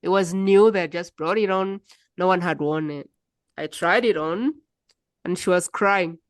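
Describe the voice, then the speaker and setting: A woman's voice: fairly low pitch, unhurried, no echo, clean studio sound. A woman hosting a podcast interview, telling stories in a chatty way and murmuring along as she listens. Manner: chatty storyteller, frequent murmured mm's. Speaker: podcast host. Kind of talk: casual interview chat.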